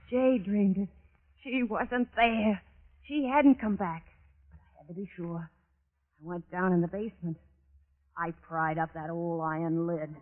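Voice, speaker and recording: Haunted, unhinged killer woman. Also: fairly low pitch. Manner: feverish, repeating herself, brooding. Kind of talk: 1940s radio acting. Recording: tinny old radio broadcast.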